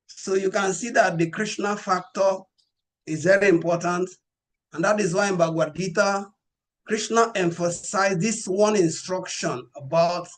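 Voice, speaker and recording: A man preaching a scripture class, measured and emphatic, quoting verses. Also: high-pitched.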